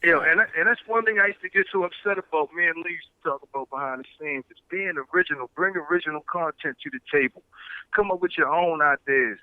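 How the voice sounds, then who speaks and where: A man's voice: on the high side, quick pace, clear, resonant tone, dry recording, narrow, tinny audio. A man in a casual livestream chat, ranting in a streetwise way and bragging about his channel while calling himself humble. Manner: boastful yet humble-claiming, streetwise rant.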